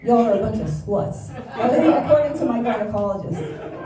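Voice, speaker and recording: A woman's voice: on the high side, normal speed, mellow, a faint crowd. A woman doing stand-up in a chatty, confiding way, with some filler hesitations. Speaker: stand-up comedian. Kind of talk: stand-up comedy set. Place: comedy club stage with live audience. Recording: roomy club sound from a distance, noisy.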